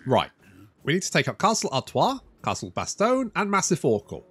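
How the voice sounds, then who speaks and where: Lively, rambling sweary male gamer. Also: on the high side, normal speed, slightly rough. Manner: rambling, sweary, self-mocking. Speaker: gaming YouTuber. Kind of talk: casual let's-play commentary.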